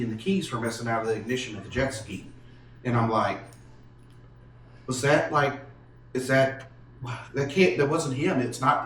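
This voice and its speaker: A man's voice: medium pitch, fairly bright tone, a little hiss or hum. Earnest man, echoey room. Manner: earnest, halting, many restarts. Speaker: podcast guest telling his testimony. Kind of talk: casual storytelling. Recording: echoey room, mic far off.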